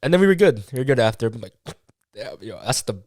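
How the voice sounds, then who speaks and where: A man's voice: medium pitch, very animated, fast talker, a little mellow, no room sound, studio quality. A young man, a podcast co-host, telling a casual story with lots of swearing and acted-out quotes of what was said. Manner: swearing, acts out quoted dialogue, many fillers.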